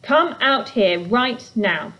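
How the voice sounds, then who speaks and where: A woman's voice: a little high, expressive, slow, pushed and bright, dull audio, a little hiss or hum, heavily acted. A woman voicing a defiant, curious young girl in a storybook reading. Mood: insistent. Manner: insistent, defiant questioning.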